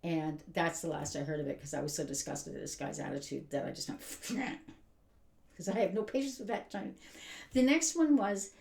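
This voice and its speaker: A woman's voice: on the low side, lively intonation, normal speed, vocal fry, a little mellow. Indignant woman ranting, roomy echo. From Canada. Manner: exasperated, indignant, emphatic. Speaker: vlogger. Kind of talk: ranting commentary.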